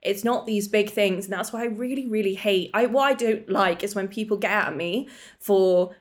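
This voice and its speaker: Young woman, podcast co-host, chatty and open, mid-range voice. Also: mid-range voice. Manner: chatty, emotional, quick asides. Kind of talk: casual chat.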